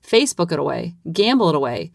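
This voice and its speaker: Woman host in her thirties, chatty and animated, lowish voice, dry recording. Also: quick pace, creaky, no echo. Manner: animated, acts out quoted lines. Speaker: podcast host. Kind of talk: casual storytelling monologue.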